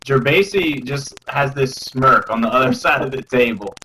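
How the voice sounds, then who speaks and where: A man with a bright, clear tone tells an easygoing story on a video call and laughs often. A faint hiss sits under his voice. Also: mid-range voice, moderate pace, low-quality recording. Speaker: podcast guest. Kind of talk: casual chat.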